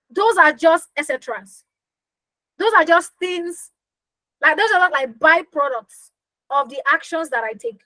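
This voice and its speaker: A young woman teaching a live online business class in a high, bright voice. She speaks with emphasis, repeats key phrases for effect and keeps asking her listeners questions. The sound is close and dry, with no room around it. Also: expressive, measured pace, long pauses, no echo, rough recording. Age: young adult. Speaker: business coach hosting a workshop.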